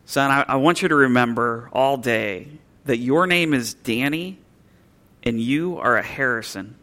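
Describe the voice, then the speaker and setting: A loving father, proud and insistent, reminding his boy who he is, as a male preacher voices him in a sermon story. The voice is bright and forceful, but otherwise close to an everyday tone. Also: medium pitch, a little slow. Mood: earnest, proud. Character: loving father coaching his young son.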